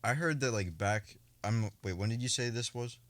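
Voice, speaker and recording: A young American man chatting on a casual podcast, dropping offbeat deadpan asides. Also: mid-range voice, moderate pace, no echo. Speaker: podcast co-host.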